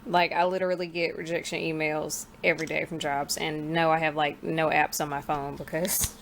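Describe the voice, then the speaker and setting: A young woman in a home vlog with a somewhat low voice, talking freely and venting with frank asides, her words a little mushy from a retainer. There is a faint hiss of background noise, as from a camera mic in a living room. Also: level tone, moderate pace. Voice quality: slightly slurred speech from a retainer. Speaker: vlogger. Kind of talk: casual chat vlog.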